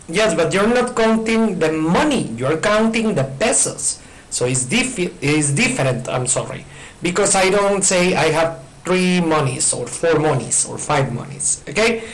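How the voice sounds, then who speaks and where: A Spanish-speaking man explains English grammar in a recorded class, standing in front of a board. His fairly high voice is very animated and moves at a moderate pace, and he stays patient, repeats points, and checks in with "okay?" The recording quality is low.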